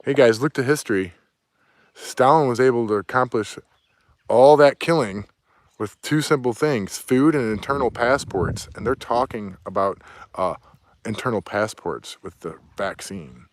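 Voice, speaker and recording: A man's voice: mid-range voice, measured pace, no room sound. Angry, profane man ranting. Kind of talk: ranting monologue. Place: outdoors near woods, with dog.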